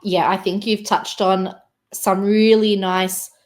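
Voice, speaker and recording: A woman's voice: mid-range voice, little pitch movement, takes it slowly. Woman, teacher co-host, affirming, guiding questions, casual chat. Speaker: English teacher, podcast co-host. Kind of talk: casual educational podcast chat.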